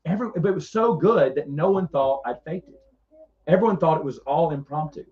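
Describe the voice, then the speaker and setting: A middle-aged man with a fairly high voice tells rambling stories with lively energy, often restarting his sentences. The sound is dull and lo-fi, like a modest podcast setup. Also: a little fast. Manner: rambling, animated, frequent restarts. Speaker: podcast co-host. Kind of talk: casual storytelling chat.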